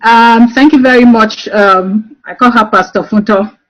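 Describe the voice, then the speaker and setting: A woman speaks in a slightly high voice over a dull, lo-fi video call. She talks through a webinar presentation, telling stories from her work and pausing often on "um". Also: steady tone, soft background music. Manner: warm storytelling with frequent um fillers. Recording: dull lo-fi online call audio.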